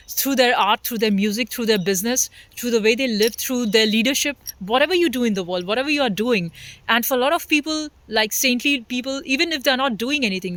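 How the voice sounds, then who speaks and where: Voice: mid-range voice, fairly bright tone, dry recording. A spiritual vlogger speaking in an earnest, unscripted monologue that builds its points through repeated phrases.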